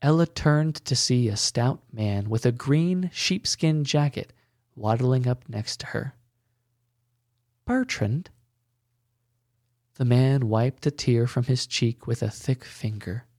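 A man reading a storybook in scripted narration with a measured, even delivery. He takes his time, and his voice sounds dry and close to the mic. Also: medium pitch, no echo.

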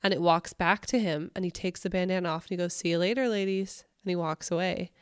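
A woman's voice: fairly low pitch, little pitch movement, fast talker, clear, resonant tone, dry recording, clean studio sound. A woman co-hosting a podcast, casually retelling a creepy story with loose phrasing full of likes and I don't knows. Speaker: podcast co-host. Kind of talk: casual chat.

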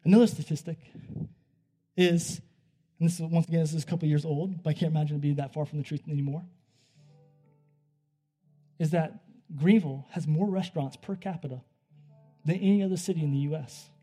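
Soft-edged animated male preacher. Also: fairly high pitch, a little fast, long pauses, husky, soft background music. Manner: conversational, animated storytelling that swings from hushed to loud. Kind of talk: sermon with storytelling.

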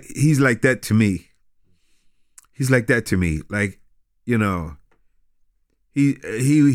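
A man, a pastor talking in a casual interview, halting and repeating words, laughing often. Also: mid-range voice, clear, resonant tone, no room sound, clean studio sound. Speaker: pastor and guest.

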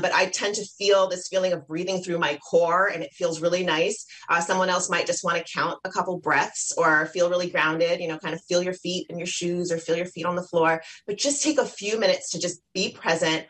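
A woman with a slightly low voice talks as a guest on parenting. She is lively, jumps up in pitch when she quotes herself, and explains things plainly and conversationally. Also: brisk, few pauses, rough recording. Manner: lively, warm, plugs her online academy, acts out quotes. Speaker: guest expert on children's self-esteem. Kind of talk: casual interview talk.

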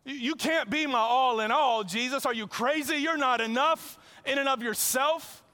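A man's voice: extremely high pitch, normal speed, sharp tone, voice pushed up. A man voicing a boastful, self-righteous rich young man who brags and pleads in a whiny way. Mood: pleading. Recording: long reverb in a large hall.

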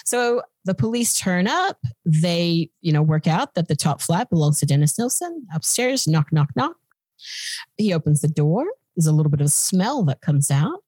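Low-voiced woman telling a crime story. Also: big pitch swings, moderate pace, darkish tone, breathy edge, no echo. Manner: chatty, blunt, swears casually. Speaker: podcast host. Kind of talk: casual true-crime storytelling.

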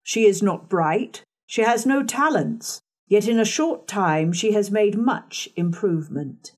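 A woman voicing a brusque, moody gentleman, the master of the house, speaking in a curt and formal way in a storybook reading. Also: mid-range voice, animated, a little slow. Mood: gruff.

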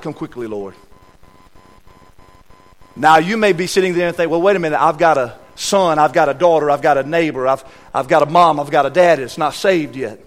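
A man preaching a sermon as a guest preacher in a church, emphatic and repetitive, swinging between loud stresses and hushed asides. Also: high voice. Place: church sanctuary.

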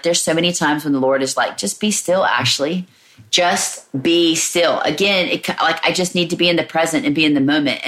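A woman's voice: low-pitched, fairly bright tone. A woman hosting her own podcast, talking alone in a candid, searching way and often saying "like" and "you know". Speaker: podcast host. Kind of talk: reflective solo podcast talk.

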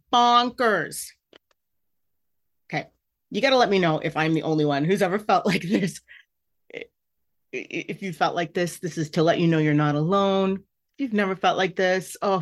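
A woman hosting her own podcast, talking candidly and emotionally about her feelings. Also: mid-range voice. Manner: candid, emotional, self-reflective. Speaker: podcast host. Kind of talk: personal podcast monologue.

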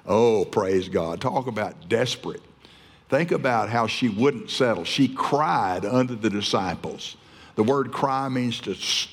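A man's voice: medium pitch, vocal fry, slightly rough. A man preaching a fervent, emphatic sermon, often restarting his phrases. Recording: long hall reverb.

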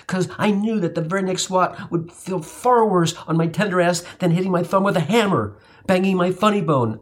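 Guy with a slightly higher voice telling a dirty funny story on his podcast, swears a lot. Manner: profane, animated, comic timing. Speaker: podcast host. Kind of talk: comedic storytelling narration.

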